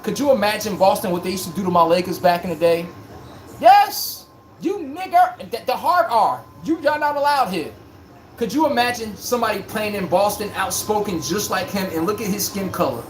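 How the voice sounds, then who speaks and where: A man's voice: sits high, noisy background. A man hosting a live-streamed basketball talk show, talking bluntly in slang and answering his chat. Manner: blunt, animated, slangy, talks straight to chat. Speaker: sports podcast host.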